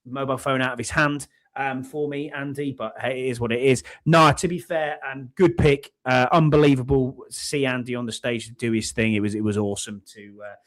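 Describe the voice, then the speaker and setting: Man, mid-pitched voice, casual sports podcast host, lots of ums. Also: steady tone, a little fast, few pauses. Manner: chatty, hesitant with frequent ums, laughs easily.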